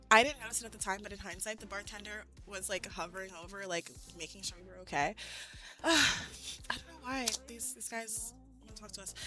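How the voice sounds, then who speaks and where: A woman streamer telling a story in casual chat, animated and laughing, with lots of "like". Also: on the high side. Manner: animated, laughing, heavy use of "like". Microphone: streaming mic.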